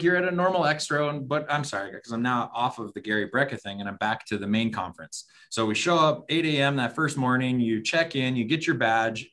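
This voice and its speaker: A man co-hosting a podcast tells a story in casual conversation, rambling with plenty of fillers and restarts. His voice is mid-range and a bit bright.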